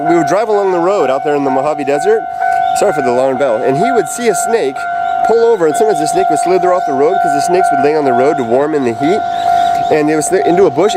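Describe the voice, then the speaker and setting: A man telling his own stories casually to camera, rambling and animated. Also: on the high side. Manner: rambling, animated, self-amused storyteller. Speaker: vlogger telling life stories. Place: outdoors near a road and railway. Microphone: phone. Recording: outdoors with clear traffic noise.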